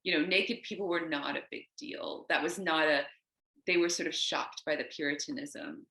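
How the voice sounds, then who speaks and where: Bright, gravelly woman on a video call. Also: low voice, moderate pace, reverberant. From United States. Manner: discursive, wanders onto tangents; animated, acts out quoted voices. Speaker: poet, interview guest. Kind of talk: casual conversation.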